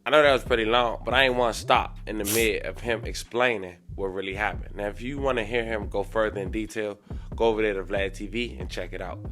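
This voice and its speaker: A man's voice: lowish voice, a bit bright. A man recapping a news story in a matter-of-fact manner as a reaction host.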